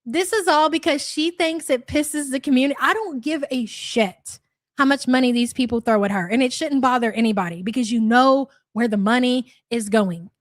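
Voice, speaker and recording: A woman's voice: sits high, normal speed, no echo, clean studio sound. A young woman hosting a live reaction stream, blunt, sarcastic and profane as she comments and greets viewers. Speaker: streamer host.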